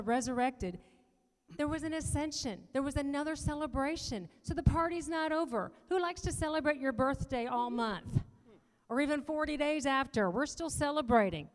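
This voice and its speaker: A woman addresses a church audience live, in a chatty style with light jokes. Her voice sits fairly high, and a long reverb from the hall trails behind her words. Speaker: church panel speaker. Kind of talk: casual church talk.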